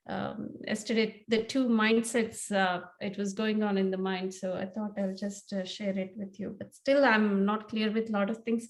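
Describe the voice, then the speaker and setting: A woman with a fairly high voice speaks up in a class discussion. She sounds hesitant, halting over her words and filling pauses with "um" and "like.". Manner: hesitant, searching for words, many fillers. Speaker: student asking a question.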